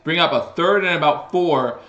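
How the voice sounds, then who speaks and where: A man with a higher-pitched voice hosts a live stream, calling football play-by-play at a moderate pace in a casual way. He uses fillers and restarts, and his excitement rises on big plays. The recording is muffled and sounds roomy.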